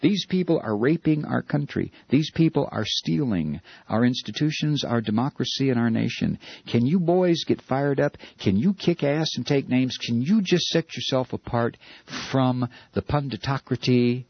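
A man's voice: mid-range voice, animated, moderate pace, vocal fry, breathy edge, no echo, lo-fi sound. A man hosting a talk radio show, delivering a heated, sarcastic opinion monologue.

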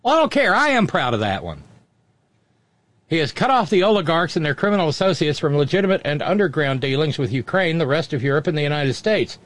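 A man's voice: on the high side, sing-song, fairly bright tone, no echo. Wry man riffing on the news. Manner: wry, mocking, quick interjections. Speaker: commentary show host. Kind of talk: reading news with sarcastic asides.

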